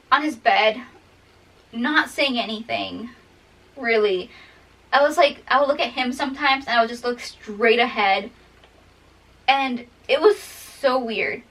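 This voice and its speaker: A woman's voice: fairly high pitch, bright, forceful tone, distant mic. A young woman telling a personal story in a casual, rambling way, laughing often. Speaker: vlogger.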